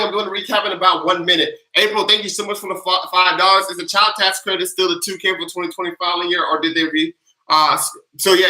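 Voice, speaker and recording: A man hosting a casual livestream, answering viewer questions one after another and hyping up his audience. His voice sits high and very bright. The room around him is echoey. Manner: energetic, hyped chant leader, loud and playful. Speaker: livestream tax advice host.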